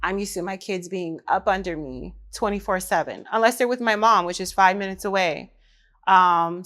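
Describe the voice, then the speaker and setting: A woman, a mother, hosting her own podcast in casual chat, talking lively and straight to the women listening. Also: lowish voice. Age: adult mother. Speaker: podcast host.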